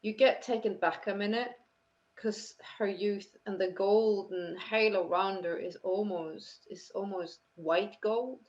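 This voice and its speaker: A woman narrating a tabletop game as game master, describing scenes slowly with many fillers and restarts. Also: medium pitch, fairly even intonation, a little mellow. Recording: dull lo-fi sound.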